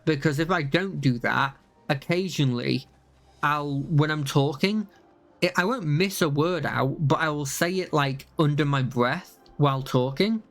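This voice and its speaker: Rambling young male streamer, fairly high voice. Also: unhurried, a bit bright. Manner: rambling, repeats himself, many fillers and restarts. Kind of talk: casual live-stream chat.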